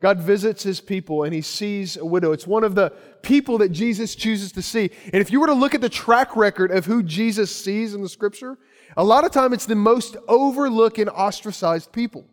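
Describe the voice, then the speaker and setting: High-voiced pastor preaching in a hall. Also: male voice, a little fast. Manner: earnest preaching with repeated phrases and restarts. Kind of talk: sermon.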